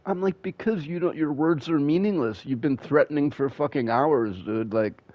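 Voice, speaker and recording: This streamer's voice is a little high and moves at a moderate pace, with no echo. He chats casually while gaming, telling wandering, profane stories and laughing at his own jokes, all through a dull, dry home mic.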